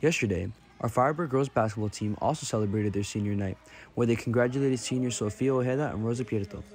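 A man's voice: medium pitch, fast talker, background noise. A teenage boy reading the school sports report with game scores and schedules.

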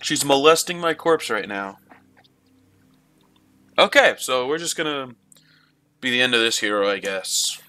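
A man talking his way through a game in a let's play, with a bright, forceful voice. He swears freely and keeps up a running chat with himself and the screen. The sound is close and dry. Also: mid-range voice, animated, a little slow, pauses often, dry recording. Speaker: gamer. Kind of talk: let's play gameplay commentary.

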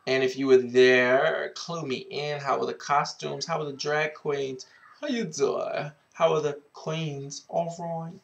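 Man, advice vlogger, sassy, outspoken, slow-talking, webcam mic. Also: a little high, level tone, vocal fry, dull audio. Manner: sassy and outspoken, swears freely; repeats a drawn-out greeting catchphrase. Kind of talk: casual advice vlog.

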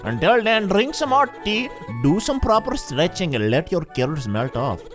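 A fussy, gentle old mushroom butler speaks in a high, formal, sing-song voice with a put-on Indian accent, as a man voices him. The tone leaps up and down with every phrase. Faint music plays underneath. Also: very animated, measured pace. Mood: soothing. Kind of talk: voicing game dialogue in a let's play.

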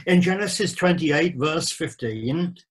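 Man, preacher, sermon, slow deliberate delivery, slightly high voice, emphatic repetition. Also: animated, poor audio. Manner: measured, deliberate Bible exposition with emphatic repetitions.

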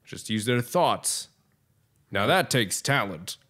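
A man voicing a shallow, self-satisfied company boss with a slow, deliberate delivery. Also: mid-range voice, very animated, sharp tone, full character voice. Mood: smug.

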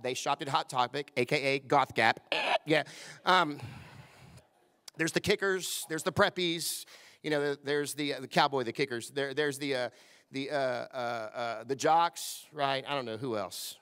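A middle-aged man preaching a sermon, leading call-and-response and hushing his voice for quoted lines. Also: mid-range voice, a little slow. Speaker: pastor. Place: church service.

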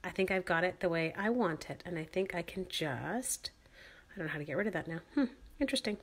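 A woman's voice: on the low side, fast talker. A woman hosting a casual live-stream craft demonstration from home, chatty, upbeat and joking about herself as she walks through her supplies. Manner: chatty, upbeat and self-mocking. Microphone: computer or phone live-stream mic.

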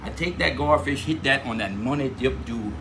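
A man's voice: mid-range voice, normal speed, reverberant, noisy background. A man with a Cajun Louisiana accent, hosting a cooking video in a laid-back drawl. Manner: laid-back drawl, says "dude" a lot. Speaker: cooking channel host.

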